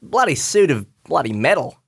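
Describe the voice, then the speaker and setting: A man's voice: on the high side, big pitch swings, normal speed, creaky, fairly bright tone, breathy edge, full character voice. A man playing a laid-back young male knight in a comedy sketch, with an Australian accent and a bumbling, easygoing way of talking.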